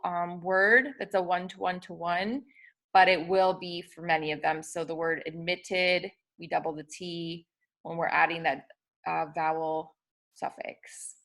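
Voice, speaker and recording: A woman's voice: on the low side, a bit bright. A young woman teaching spelling rules in a patient, methodical way, with frequent ums and small self-corrections. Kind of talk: instructional explanation of spelling rules.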